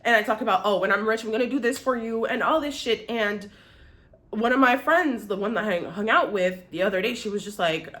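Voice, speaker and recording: A young woman talks straight to the camera in a candid confessional vlog. Her talk rambles, with restarts and frequent swearing, and her voice sits at a middle pitch. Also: fairly quick, a bit bright. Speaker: YouTuber.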